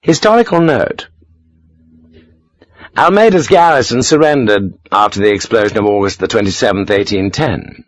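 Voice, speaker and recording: Expressive male audiobook narrator. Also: lowish voice, normal speed, dry recording. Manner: expressive, animated reading.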